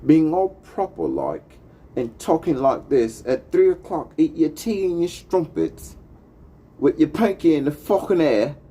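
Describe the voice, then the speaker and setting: A man's voice: fairly high pitch, wildly swooping pitch, slow, few pauses, dark tone, voice pushed up, heavily acted. A man putting on a prissy, mocking voice of a posh English colonizer.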